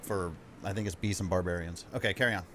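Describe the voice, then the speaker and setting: A man's voice: sits low, fairly even intonation, fast, a bit bright, slight background noise. A man playing a tabletop horror game, crude and joking, swearing freely. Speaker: player. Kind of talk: tabletop game play, casual.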